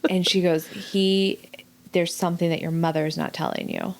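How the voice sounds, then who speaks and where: A middle-aged woman telling a personal story in casual chat, animated, acting out the voices of people she quotes. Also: on the low side, moderate pace. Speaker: guest.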